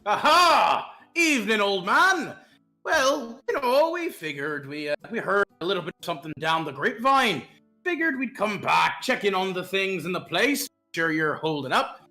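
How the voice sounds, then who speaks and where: A man voicing his character at a tabletop game, hamming it up with a chosen put-on accent. His voice sits high and swings widely, with a bright, forceful edge. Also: sing-song, moderate pace, soft background music. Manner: theatrical, playful. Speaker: player.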